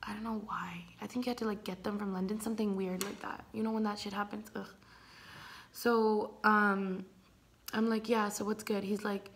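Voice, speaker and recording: A young woman vlogger telling a storytime tale, animated and swearing freely, acting out the people she quotes. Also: medium pitch, moderate pace. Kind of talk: storytime vlog.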